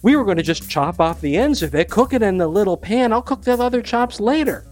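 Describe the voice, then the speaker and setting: A man's voice: high-pitched, lively intonation, brisk, a little mellow, pitched above the performer's own voice. A blunt, thrifty old grandmother, played by a man telling a joke, setting everyone straight in an emphatic, exasperated voice. The voice is raised and firm. Faint music runs underneath.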